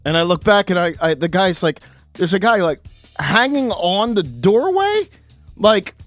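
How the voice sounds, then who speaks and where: Animated high-voiced man telling a story. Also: measured pace, no echo, faint music behind. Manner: animated, laughing, voice jumps high on dramatic beats. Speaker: radio show regular. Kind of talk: casual storytelling.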